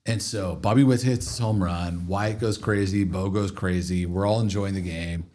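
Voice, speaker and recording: A man's voice: low voice, normal speed. A man in his thirties, a podcast host and father, chatting casually and acting out his kids' lines as he tells stories. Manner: animated storyteller, acts out his kids' lines. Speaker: podcast host, father of two young boys. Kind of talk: casual chat, storytelling.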